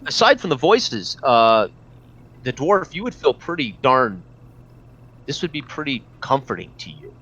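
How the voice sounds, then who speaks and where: A man narrating as game master in a tabletop game, describing scenes with frequent pauses and fillers. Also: mid-range voice, very animated, fairly bright tone, slightly rough. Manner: hesitant, many fillers and restarts. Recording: dull lo-fi recording.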